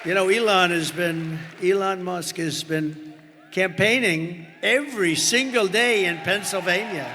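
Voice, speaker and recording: A man with a bright, gravelly, slightly high voice addresses a large indoor arena. He rambles and boasts, breaking off for asides to the crowd. The sound carries a long reverb, with a faint crowd murmur behind him. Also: a little slow, noisy background. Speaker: political candidate at a rally. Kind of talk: rally speech. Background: cheering crowd.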